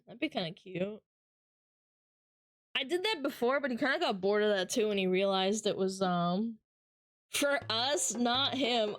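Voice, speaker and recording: A woman's voice: on the high side, fairly bright tone, no room sound, clean studio sound. A woman streamer chatting casually and reading out live comments, playful and teasing with frequent giggles, talking from her home setup.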